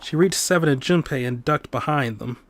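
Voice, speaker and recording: A man hosting a let's play, reading a visual novel's narration aloud in a steady, even tone. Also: on the high side, normal speed, dry recording.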